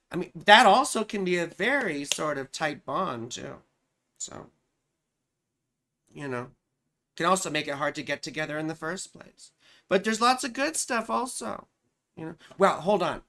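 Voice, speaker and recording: A woman's voice: fairly low pitch, a bit bright. A woman astrologer giving a casual live-stream reading, chatty and profane, who keeps answering her chat.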